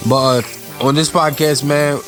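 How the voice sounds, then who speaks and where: A man's voice: on the high side, steady tone, unhurried. A man from Maryland hosting a podcast in a loose, rambling, slangy way. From Maryland, USA. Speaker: podcast host. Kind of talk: casual podcast chat. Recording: music playing under the voice.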